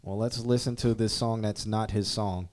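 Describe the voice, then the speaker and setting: A man's voice: on the low side, steady tone, moderate pace, a little mellow. A man hosting a music review stream, chatting casually in a laid-back, joking way. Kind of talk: casual chat.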